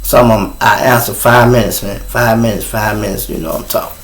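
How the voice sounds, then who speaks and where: A middle-aged man with a Chicago accent, hosting his show and telling a profane, animated story in a casual way. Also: lowish voice, a little fast. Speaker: show host. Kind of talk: storytelling on a livestream.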